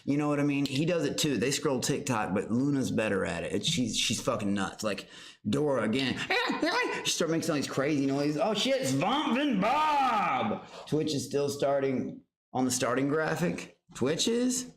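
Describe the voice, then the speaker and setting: A man hosting a livestream, loud and excitable, swearing as he talks to his pet monkey and to chat. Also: medium pitch, moderate pace. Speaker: livestream host. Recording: roomy echo, faint background noise.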